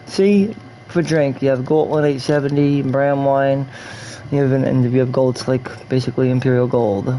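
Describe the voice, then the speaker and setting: A man's voice: mid-range voice, steady tone, normal speed, dark tone, slight background noise. A man streaming a video game, musing aloud in a loose, offhand way as he reads menu items and guesses at them. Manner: loose and offhand, with mild swearing. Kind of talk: casual gameplay commentary.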